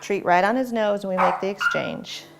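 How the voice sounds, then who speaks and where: A woman's voice: mid-range voice, normal speed, creaky, very noisy. Woman dog trainer explaining, giving commands. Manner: patient, instructive, mixing explanation with short commands to a dog. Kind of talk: hands-on training demonstration.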